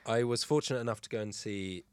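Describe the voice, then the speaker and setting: A man with a lowish voice tells a story in casual podcast chat. He acts out the quotes with animation. The sound is dry and close. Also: fast talker, darkish tone, smooth, no room sound. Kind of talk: casual chat, telling an anecdote.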